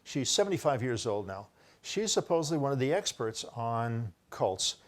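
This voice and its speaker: A man's voice: mid-range voice, big pitch swings, normal speed. Older man lecturing insistently. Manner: rambling, self-correcting, insistent about being first. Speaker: author presenting his own research. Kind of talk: solo lecture to camera, showing book pages.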